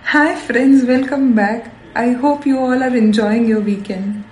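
A woman's voice: on the high side, steady tone, a little slow, a little mellow. A woman doctor with an Indian accent, giving an upbeat, scripted health talk with emphatic repetition. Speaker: endocrinologist hosting a health show. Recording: roomy echo.

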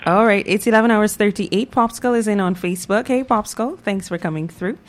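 A woman hosting a call-in radio talk show, who greets callers briskly and reads out listener comments. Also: medium pitch.

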